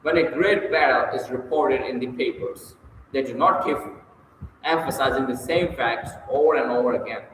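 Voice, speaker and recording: A man's voice: medium pitch, normal speed, fairly bright tone, slight background noise. A man reading a public speaking textbook aloud, with occasional stumbles and self-corrections. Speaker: audiobook reader. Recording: echoey hall with long reverb.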